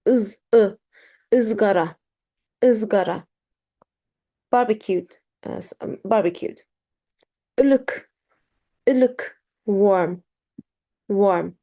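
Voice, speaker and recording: A woman teaching a beginner pronunciation lesson, speaking slowly and carefully, repeating words with frequent ums. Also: mid-range voice, mellow. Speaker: language teacher.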